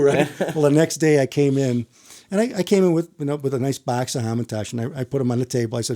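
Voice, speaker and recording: A man's voice: on the high side, fairly quick, a little mellow. A man who works as a firefighter, telling a long story in casual chat with many restarts and casual swearing. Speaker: firefighter guest.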